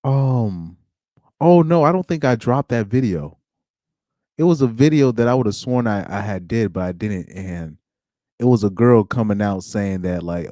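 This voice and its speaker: A man's voice: on the low side, expressive, moderate pace, mellow, dry recording, studio quality. A young man streaming alone, chatting casually in slang, rambling and laughing as he goes. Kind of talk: casual chat.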